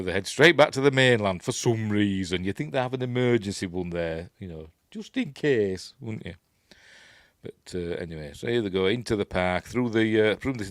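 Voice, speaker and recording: A man's voice: lowish voice, dry recording, studio quality. A man with a Yorkshire accent giving a casual, rambling film commentary while the film plays, with hesitant asides. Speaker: film reviewer.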